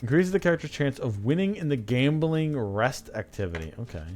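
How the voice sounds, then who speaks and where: A man's voice: mid-range voice, sing-song, brisk, darkish tone, slight background noise. A man streaming a video game live, chatting casually with swearing and reading game text aloud.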